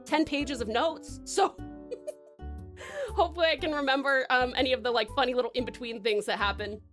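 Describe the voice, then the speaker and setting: A woman's voice: high-pitched, moderate pace, a bit bright, faint music behind. A young woman streamer chatting casually as she reads viewer comments, laughing often and talking with lots of fillers. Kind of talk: casual live-stream chat, reading comments.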